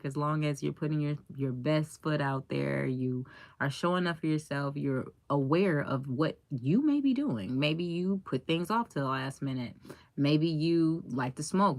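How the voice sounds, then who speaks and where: Young female life coach, low voice, chatty and laughing, talking straight to her audience in a dry room. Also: a bit bright, no echo. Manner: chatty, laughs often, acts out quotes. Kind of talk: casual chat to a live audience.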